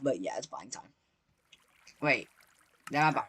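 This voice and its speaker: An excitable gaming creator giving live gameplay commentary, chatty and repetitive, constantly talking to viewers and bursting into shrieks when startled. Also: medium pitch, measured pace, breathy edge, dry recording. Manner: repetitive, chatty, playful slang.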